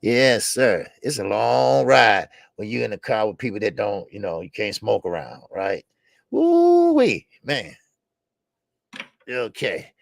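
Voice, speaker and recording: A man's voice: fairly low pitch, unhurried, vocal fry, no room sound, studio quality. A middle-aged man hosting a boxing channel live stream, talking loose and slangy and greeting viewers by name. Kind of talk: casual live-stream chat.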